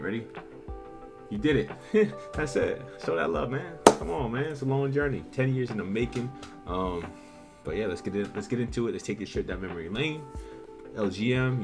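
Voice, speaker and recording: A man's voice: medium pitch, vocal fry. A man in his thirties, recording a casual reaction vlog outdoors. He swears a lot and swings between frustration and hype as he reacts to old footage. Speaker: car show organizer reacting to old footage.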